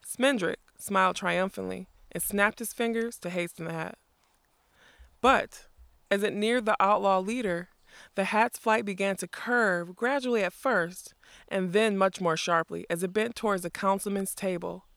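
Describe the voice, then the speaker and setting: A narrator reading a fantasy story aloud in a steady, measured way. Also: medium pitch, gravelly, clear, resonant tone, dry recording, clean studio sound. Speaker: audiobook narrator.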